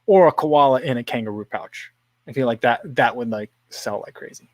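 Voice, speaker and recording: A man's voice: mid-range voice, a little fast, no room sound. A man hosting a casual livestream, rambling, chuckling often and reading viewer comments aloud. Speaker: livestream host.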